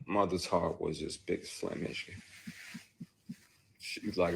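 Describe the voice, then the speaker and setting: A man's voice: sits low, fairly even intonation, measured pace, creaky, pauses often, a little hiss or hum. A man, an actor, telling a personal story bluntly and emotionally, with frequent profanity and restarts. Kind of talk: candid first-person storytelling.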